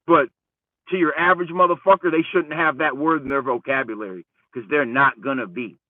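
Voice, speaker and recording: A man's voice: on the high side, brisk, no echo, far from the mic. Profane ranting man on a tinny line. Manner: profane, heated, rambling, swings between loud and muttered. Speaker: channel host. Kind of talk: casual storytelling rant. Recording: dry phone-like lo-fi audio from off-mic.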